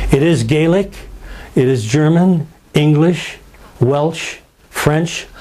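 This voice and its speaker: A museum guide with a slightly high, darkish voice leads visitors through a story, telling it emphatically and dramatically. He acts out the people he quotes in changing voices and poses rhetorical questions.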